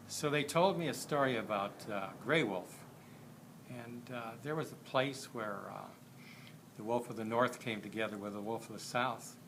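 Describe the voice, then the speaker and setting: A man with a fairly low voice tells a story, pausing often and filling gaps as he goes. His telling is plain and unhurried, with a steady hiss of background noise across the recording. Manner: halting, frequent pauses and fillers. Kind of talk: spoken storytelling.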